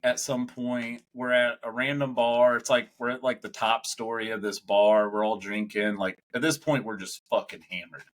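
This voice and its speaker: A young man with a bright, forceful voice tells a long, rambling story on a podcast. He swears freely and laughs between lines, in easy casual chat at an ordinary pitch. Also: flat delivery, moderate pace, few pauses. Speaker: podcast co-host.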